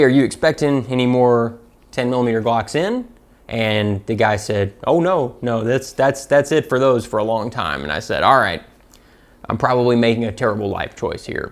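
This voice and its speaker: A man's voice: medium pitch, creaky. A man with a Southern American accent giving a comedic, profane, self-mocking gun review.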